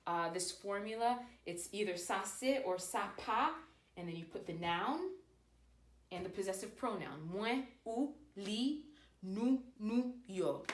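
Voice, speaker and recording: A woman giving a casual language lesson, modeling phrases slowly and carefully. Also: mid-range voice. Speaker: language teacher. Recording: echoey room.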